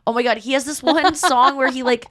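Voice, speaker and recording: A woman's voice: high voice, a little fast. A woman in her thirties hosting a podcast, telling a story in casual chat and acting out what people said. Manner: animated storytelling, acts out quoted voices. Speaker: podcast host.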